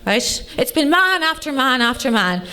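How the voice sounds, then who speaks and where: An Irish woman in her late thirties performing a bawdy stand-up set with deadpan punchlines, teasing the crowd. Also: high-pitched, moderate pace. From Ireland. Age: late 30s. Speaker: stand-up comedian. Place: comedy club stage before a live audience.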